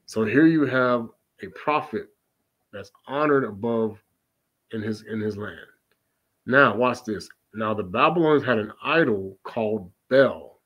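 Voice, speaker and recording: A man preaching on scripture. He reads archaic passages aloud slowly, then breaks off to comment emphatically and fire off rhetorical questions. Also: lowish voice, expressive, fairly bright tone, highs cut off. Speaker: religious teacher.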